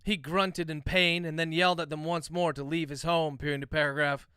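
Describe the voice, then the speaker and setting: A man, an author, dictating a novel aloud on a livestream, speaking each punctuation mark, with relaxed, chatty asides to his viewers. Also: fairly high pitch, a little fast, clean tone, no echo, studio quality.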